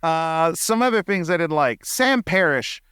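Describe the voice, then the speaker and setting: A young man co-hosting a casual movie review podcast, animated and mock-exasperated, often dropping into quoted voices. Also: on the high side, a little slow, clean tone, dry recording. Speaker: podcast co-host.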